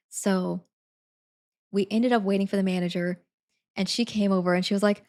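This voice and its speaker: A woman's voice: mid-range voice, quick pace, a little mellow. A young woman streamer telling a story in casual chat, full of fillers, acting out what people said. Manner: chatty, many fillers, acts out quotes.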